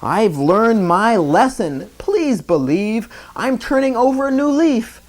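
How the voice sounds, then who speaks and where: A man's voice: high voice, sing-song, takes it slowly, voice pushed up, exaggerated voice. A man voicing a naughty little boy who pleads earnestly, in a bedtime storybook reading. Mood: pleading.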